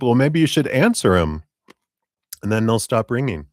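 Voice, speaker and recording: A man's voice: medium pitch, very animated, normal speed, no echo. A middle-aged man giving a live-stream tarot reading, rambling and asking "right?" along the way. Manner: rambling, with tag questions and chuckles. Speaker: tarot reader.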